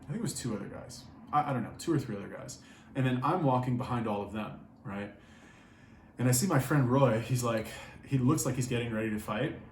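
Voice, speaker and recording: A man's voice: mid-range voice, expressive, fairly quick. Brief: young guy, casual profane storytelling, echoey room, faint noise. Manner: profane, rambling, filler-heavy. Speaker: vlogger.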